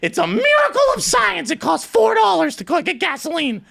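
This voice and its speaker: A man voicing an excitable older male engineer who lectures eagerly. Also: moderate pace, gravelly, soft background music, full character voice. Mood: exuberant. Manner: high, shouting, wildly enthusiastic.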